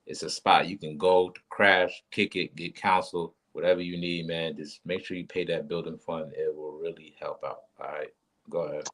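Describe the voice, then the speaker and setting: A man's voice: deep voice, level tone, normal speed, a bit bright. A man talking in a laid-back, slangy way, adding casual announcements to a religious class. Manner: laid-back, slangy, addresses the group directly. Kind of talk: casual chat.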